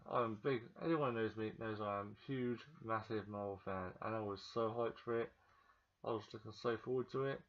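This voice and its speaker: A man giving a casual, excitable movie review vlog, chatting straight to the viewer and often repeating himself. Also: lowish voice. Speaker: vlogger. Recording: dull lo-fi recording.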